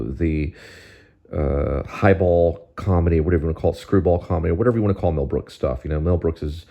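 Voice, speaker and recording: Man, very low voice, rambling casual vlog talk, digressive, at home. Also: mellow. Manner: rambling, digressive, gropes for names. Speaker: vlogger host. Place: at home near a TV.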